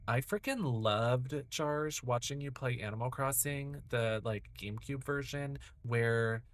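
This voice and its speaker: A man's voice: medium pitch, unhurried. A man in his thirties talks through a horror game on stream. He rambles from one memory to the next, drops swears freely, and chats straight to his viewers in a loose, casual way. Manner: chatty, rambling, profane, chatting to viewers. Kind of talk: casual gameplay commentary.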